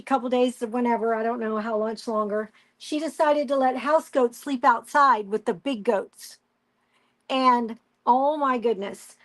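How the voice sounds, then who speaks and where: High-voiced woman chatting slowly. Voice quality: chatty storyteller, animated retelling with quoted voices. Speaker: crafting live stream host. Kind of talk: casual chat while crafting.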